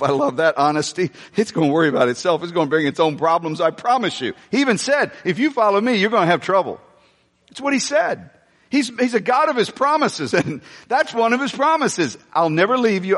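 Male pastor, middle-aged, joking sermon delivery; high pitch, long hall reverb. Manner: animated, jokey preaching with laughs and sudden shouts. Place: church hall.

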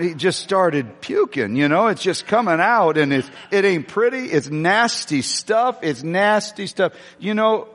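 Male pastor, rambling sermon storyteller with halting restarts; slightly high voice, long church reverb. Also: expressive, a bit bright. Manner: chatty, self-deprecating, halting restarts. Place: church sanctuary.

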